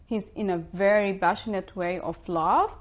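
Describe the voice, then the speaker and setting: A woman teaching an online language lesson, spelling out words slowly and carefully. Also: mid-range voice, muffled recording. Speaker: Arabic teacher.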